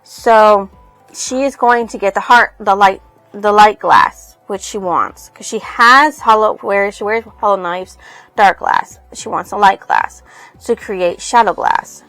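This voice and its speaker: A woman's voice: medium pitch, a little slow, fairly bright tone, no echo, soft background music, rough recording. A woman casually recapping a novel for her channel, rambling and loosely reading out quotes from it. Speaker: book reviewer.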